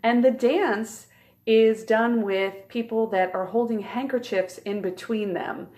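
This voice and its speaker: A woman flute teacher giving a calm, clear and encouraging instructional tutorial. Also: a little high.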